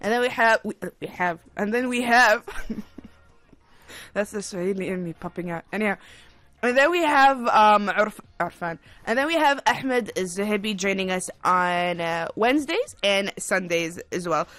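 A woman's voice: medium pitch, animated, normal speed, fairly bright tone, no echo. A woman from Oman hosting a radio show in casual chat, playful and laughing often as she reads listener messages.

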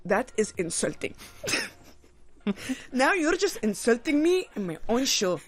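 A woman co-hosting a radio show in casual chat, playful and quick to laugh, with bursts of mock indignation. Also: a little high, sing-song, husky, faint music behind. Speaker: radio co-host.

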